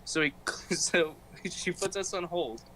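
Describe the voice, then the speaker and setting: A young man hosts a casual podcast and tells a story with plenty of laughter. His voice sits a little high, and he acts out the voices of the people in the story. A faint hiss runs under the recording. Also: slow, sharp tone, low-quality recording. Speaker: podcast host.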